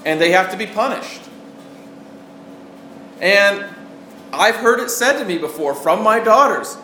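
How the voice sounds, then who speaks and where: A man's voice: sits high, expressive, measured pace, long pauses, sharp tone. A man preaching a sermon in an earnest way, asking the listeners questions as he goes. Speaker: pastor. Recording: roomy echo with faint background noise.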